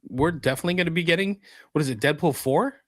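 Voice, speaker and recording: A man's voice: on the high side, quick pace, a bit bright, no room sound. A man co-hosting a geek culture podcast, chatting casually and reading news items aloud. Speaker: podcast co-host. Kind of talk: casual chat.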